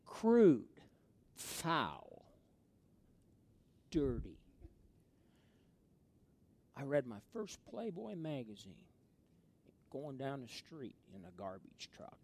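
A middle-aged man delivers a sermon full of personal stories in a mid-range voice. He drops to near-whispers for asides, then climbs high and loud when he gets excited. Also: slow, pauses often, no echo. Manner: storytelling, swings from hushed asides to loud excited peaks. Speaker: pastor.

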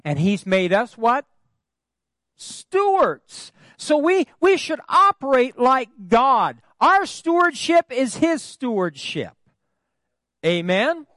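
A man with a high, very lively voice preaches from a church pulpit. He calls out to his congregation for answers and breaks into folksy humorous asides. The sound is close and dry. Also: slow pace, no echo. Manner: call-and-response with the congregation. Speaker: pastor. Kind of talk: sermon.

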